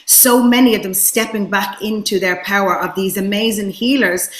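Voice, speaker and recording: A woman's voice: mid-range voice, steady tone, normal speed. A woman hosting an interview as a therapist, speaking casually and enthusiastically with frequent restarts. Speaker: host, therapist. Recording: echoey room.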